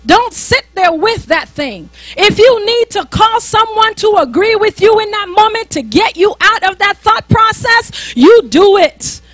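A woman's voice: extremely high pitch, expressive, measured pace, few pauses, a bit bright, dry recording. A woman minister preaching a sermon in an emphatic, conversational way, often repeating herself.

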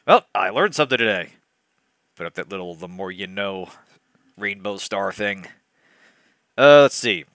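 A man's voice: on the low side, lively intonation, measured pace, pauses often, a bit bright, no echo, clean studio sound. A young man hosting a comic book-reading game, with wry, digressive asides. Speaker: let's-play host reading a bad novel.

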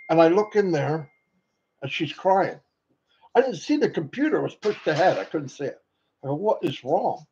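Excitable man greeting livestream viewers. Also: a little high. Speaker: livestream host. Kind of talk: casual livestream chat. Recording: dull lo-fi sound, faint noise.

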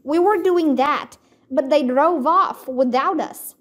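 A woman's voice: high voice, takes it slowly. Woman doing an eager, chatty little girl. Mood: flustered. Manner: bright, chatty, excited. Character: cheerful eager young girl.

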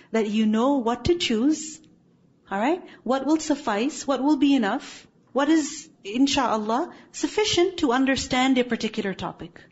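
A woman's voice: on the high side, darkish tone, slightly rough, muffled recording. A woman teaching an Islamic studies class, firm and corrective, often checking that students follow, recorded in a classroom. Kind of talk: classroom lecture with questions.

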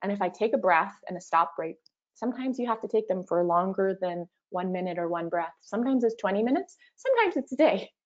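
A woman leading an online workshop, speaking gently and encouragingly as she guides a mindfulness practice. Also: medium pitch, animated, fairly quick, highs cut off. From Canada. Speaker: workshop facilitator.

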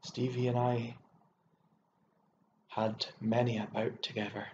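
A man putting on a rough, jealous country woman with a hollow mannish voice. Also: mid-range voice, flat delivery, slow pace, a little mellow, a little hiss or hum, natural voice. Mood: intent. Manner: rough, pleading and fierce. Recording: echoey room, dull lo-fi sound.

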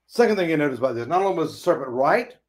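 A man's voice: on the high side, sing-song, very fast. A man teaching a Bible study in a folksy, preachy way, acting out quoted dialogue.

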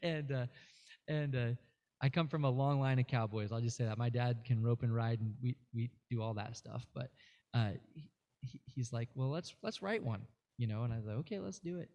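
A man's voice: medium pitch, fairly even intonation, a little fast, highs cut off. A man appearing as a guest musician, telling a rambling story in casual interview chat, full of fillers and restarts.

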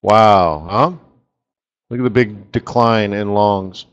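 Slow and smooth, with a voice on the low side, a middle-aged forex strategist rambles chattily through a casual live webinar on trading, making asides about his screen tools. The audio sounds dull.

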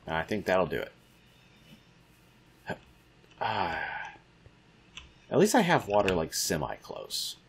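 A man's voice: low-pitched, wildly swooping pitch, takes it slowly, vocal fry, long pauses, slight background noise. A man giving casual let's-play commentary, muttering to himself and taunting the creatures in the game. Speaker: gamer.

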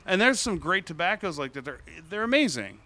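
Man, co-host, bright forceful voice, lively storyteller, casual chat. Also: high-pitched, brisk. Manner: chatty storyteller, lively and enthusiastic. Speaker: podcast co-host. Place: bar or taproom.

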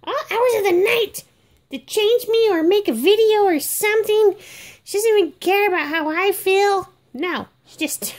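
Woman playing a baby doll, sassy, fed-up, very squeaky high voice, exasperated comedic rant. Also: a little slow. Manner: grumbling, exasperated rant addressed to viewers. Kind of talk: comedic monologue in character.

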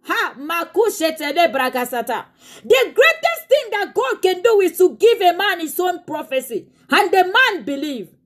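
Very high-voiced impassioned woman preacher. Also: very animated, moderate pace. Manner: impassioned, swings into tearful shouting. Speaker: pastor. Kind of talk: sermon.

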